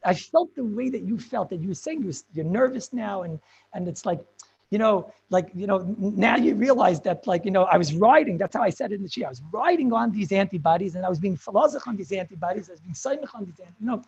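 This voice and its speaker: A man, a rabbi, telling a story in an animated, self-mocking way, with frequent laughs and Hebrew and Yiddish learning terms mixed in. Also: high voice, fast, creaky, husky. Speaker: rabbi giving a chizuk talk. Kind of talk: storytelling sermon. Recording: dull lo-fi recording.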